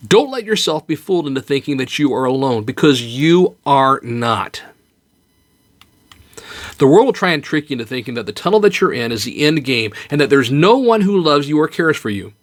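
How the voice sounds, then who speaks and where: Man, podcast host, earnest, comforting, mid pitch, very animated intonation. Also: normal speed. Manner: earnest, comforting, with light joke telling. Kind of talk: heartfelt encouraging monologue.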